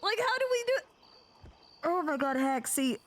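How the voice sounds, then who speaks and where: A young woman with a high voice, chatting casually on a live stream. She gushes and sounds close to tears, circling back over her own words in rambling bursts. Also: big pitch swings, normal speed. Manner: emotional, gushing, near tears; rambling, repeats herself.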